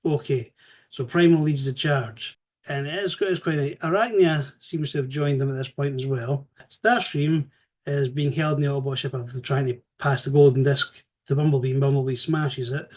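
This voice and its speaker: A man giving a casual spoken review, animated and chatty, swearing freely as he retells the story. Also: mid-range voice, moderate pace.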